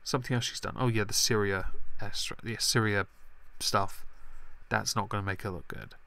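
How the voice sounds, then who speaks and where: A man's voice: fairly low pitch, fairly even intonation, moderate pace, gravelly, pushed and bright. A man hosting a live stream, chatting about politics in a rambling, sarcastic way with self-deprecating asides. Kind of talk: casual political commentary stream.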